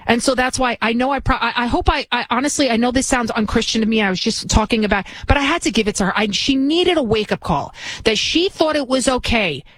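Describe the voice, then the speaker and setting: A woman's voice: fairly high pitch, animated, fast, fairly bright tone, no echo, low-quality recording. A woman in her forties hosting talk radio, telling a story in an indignant, ranting way. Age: 40s. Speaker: radio talk show host.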